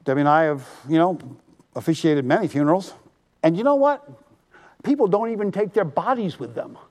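A male pastor preaching a sermon, animated and drawing the congregation to answer back. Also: fairly high pitch, a little fast.

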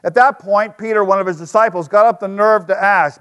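A preacher with a high, ringing voice tells a story in his sermon, emphatic one moment and hushed the next. His words carry a long reverb that fills a church hall. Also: steady tone, brisk, hardly any pauses, clear, resonant tone. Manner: storytelling, emphatic with sudden drops to a hush. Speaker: pastor.

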